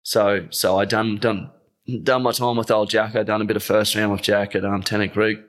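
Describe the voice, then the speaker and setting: Choked-up Australian man, low voice. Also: level tone, normal speed. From Northern Territory, Australia. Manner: rambling, heartfelt storytelling with many fillers. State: choked up, voice catching. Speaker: guest. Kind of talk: casual podcast interview.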